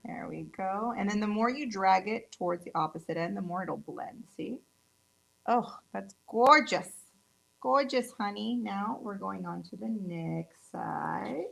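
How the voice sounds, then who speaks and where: With a husky, mid-range voice full of animation and vocal fry, a thirtysomething Californian nail tech instructor chats through a casual tutorial demo at a moderate pace. She stays upbeat and gushes over colors, and the recording is rough.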